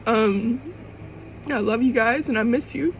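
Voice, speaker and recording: A woman's voice: on the high side, unhurried, a little hiss or hum, rough recording. A young woman vlogging to camera in an emotional personal monologue. She rambles and restarts, swears casually, and fights back tears.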